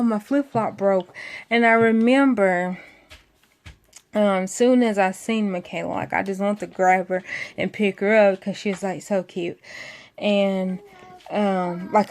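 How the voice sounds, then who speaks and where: A young woman, telling a friend a long story in a casual, rambling way, full of fillers and acted-out quotes. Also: medium pitch. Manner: rambling, many fillers, acts out quoted voices.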